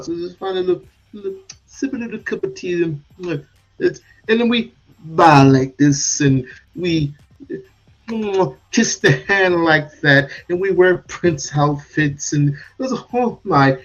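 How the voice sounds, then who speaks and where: Man putting on a prissy genteel snob. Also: high-pitched. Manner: affected, fussy, stammering. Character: prissy genteel male tea-party snob. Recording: dull lo-fi sound with faint music.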